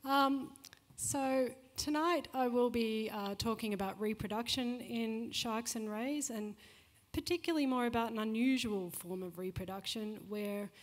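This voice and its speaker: A woman researcher opening a public science lecture in a measured, orderly way. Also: fairly high pitch. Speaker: shark researcher and speaker. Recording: long hall reverb.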